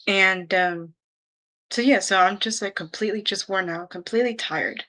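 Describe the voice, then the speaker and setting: Bright-voiced chatty young woman. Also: medium pitch, moderate pace, poor audio. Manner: chatty, rambling, heavy use of "like" and "um". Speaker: YouTuber. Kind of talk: casual storytelling to viewers.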